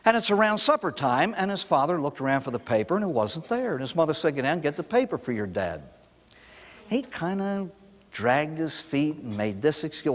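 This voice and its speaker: Talking a little fast in a voice on the high side, an older priest addresses an audience about recovery. Long reverb hangs on his speech as he animatedly tells stories and throws out rhetorical questions.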